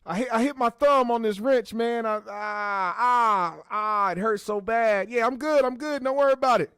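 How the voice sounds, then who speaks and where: A man acting out a jittery workman with a high, strained voice that is loud and pushed. He keeps repeating himself and over-reassures in a dry, close sound. It is a comic bit in a talk show. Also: normal speed, clear, resonant tone, no room sound. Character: jittery male plumber hiding found cash.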